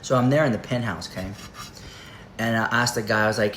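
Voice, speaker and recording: A man's voice: lowish voice, a little fast, a bit bright. Male vlogger, gossipy rambling storyteller, echoey room with faint noise. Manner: chatty, rambling, filler-heavy. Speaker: commentary vlogger. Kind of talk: casual storytelling to camera. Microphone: camera.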